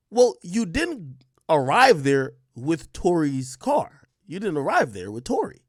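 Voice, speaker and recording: Male commentator, somewhat high voice, blunt and profane, dry close mic. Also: slow pace, dry recording. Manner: animated, blunt, profane, talks straight to viewers. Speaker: commentator reacting to an interview clip. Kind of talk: casual reaction commentary.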